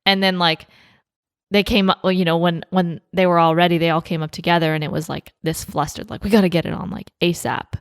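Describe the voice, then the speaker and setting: A woman's voice: on the low side, steady tone, fairly quick, clean tone, no room sound, clean studio sound. A young woman co-hosting a podcast, chatting casually with lots of fillers, swearing and laughter. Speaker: podcast co-host. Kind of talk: casual chat.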